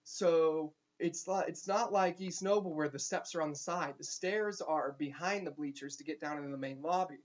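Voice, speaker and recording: A young man, a teacher, telling a funny story casually with animated asides and quick restarts. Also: fairly high pitch. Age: young adult. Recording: dull lo-fi recording.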